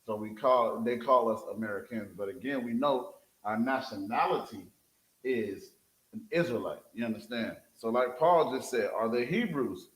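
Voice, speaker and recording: A male street preacher of medium pitch and normal speed leads a scripture reading with a reader in an echoey room. He calls out for verses, stays animated, and keeps checking that listeners follow by repeating "you understand?"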